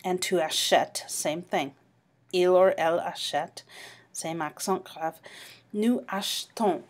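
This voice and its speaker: A woman's voice: on the low side, slow pace. A woman teaching a French class online, patiently explaining grammar and modeling pronunciation. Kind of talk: online class review lecture.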